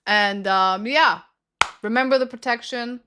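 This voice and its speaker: A woman's voice: fairly high pitch, unhurried, background noise. A young woman livestreaming a game, chatting playfully with her viewers and laughing often. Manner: giggly, playful, talks to chat. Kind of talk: casual game stream chat.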